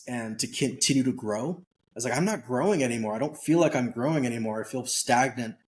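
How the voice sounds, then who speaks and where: A man guest on an interview show, telling a story in a candid, casual way with lively acted-out bits of dialogue. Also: medium pitch, fairly quick. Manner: animated storyteller who acts out quoted dialogue; candid, casual, occasionally swears. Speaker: podcast guest.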